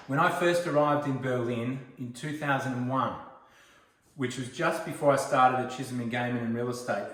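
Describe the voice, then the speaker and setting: A man in his forties with an Australian accent, chatting casually as he hosts a home cooking video and tells rambling stories. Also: medium pitch. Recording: roomy echo, mic far off.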